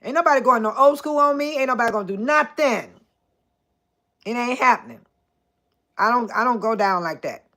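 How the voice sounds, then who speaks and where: An older woman hosting a casual live chat, talking straight to her viewers by name, chatty and animated with frequent laughter. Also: fairly high pitch, fairly quick, pauses often. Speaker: host.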